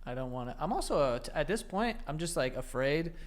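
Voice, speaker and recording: A man's voice: a little high, very animated, fairly quick. A man, chatting casually on a podcast, laughing often and swearing. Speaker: podcast co-host. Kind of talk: casual chat.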